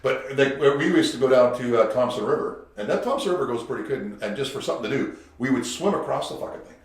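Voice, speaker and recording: A man hosts a podcast in a rapid, rambling way, peppered with swearing and filler tags. His pitch is middling. His voice bounces around a very echoey room. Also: expressive. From Kamloops, Canada. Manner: loose, swearing, says "you know what I mean". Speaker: podcast host. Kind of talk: casual chat.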